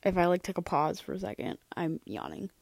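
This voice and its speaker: A woman's voice: fairly low pitch, sing-song, a little fast, gravelly, darkish tone, no room sound. A tired young woman hosting a casual personal podcast, chatty and rambling with lots of fillers and restarts. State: tired, yawning. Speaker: podcast host.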